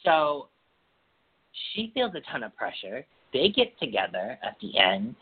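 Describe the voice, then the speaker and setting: A woman's voice: rumbling low, very animated, unhurried, slightly rough. A woman hosting a podcast, chatting casually and animatedly with strong opinions and gossipy storytelling. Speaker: podcast host. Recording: tinny phone-like sound.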